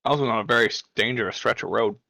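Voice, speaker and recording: A man's voice: medium pitch, very fast, vocal fry, sharp tone, no echo. A young man serving as game master, giving rulings in a matter-of-fact way. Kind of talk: running a tabletop game.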